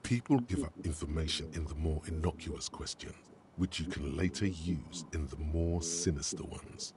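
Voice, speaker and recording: A man voicing the wry, grandiose second-person narrator of a detective game, deep and gravelly. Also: normal speed. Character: omniscient inner voice of a detective, male, ironic. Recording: game audio with noticeable background noise.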